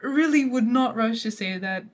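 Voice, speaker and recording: A woman's voice: fairly high pitch, normal speed. A young woman explaining a poem for students in a chatty, playful way, laughing now and then. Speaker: literature study guide presenter. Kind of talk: study guide explanation.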